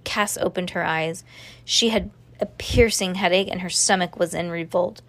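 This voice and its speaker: A woman reading a children's novel aloud in a steady, plain voice with small slips. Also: on the low side, moderate pace. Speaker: storybook reader.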